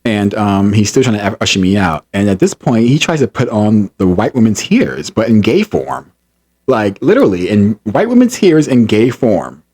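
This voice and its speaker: Low husky voice, wide swings in pitch, heated storytelling man, repeats for emphasis. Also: moderate pace. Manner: animated, acts out quotes, laughs, emphatic repetition. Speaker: channel host recounting an incident. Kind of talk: heated personal storytelling to camera.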